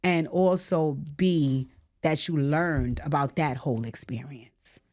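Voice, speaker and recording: A woman's voice: sits low, takes it slowly, darkish tone. A woman hosting a podcast conversation, speaking frankly and emotionally, with joking asides and casual swearing. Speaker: podcast host.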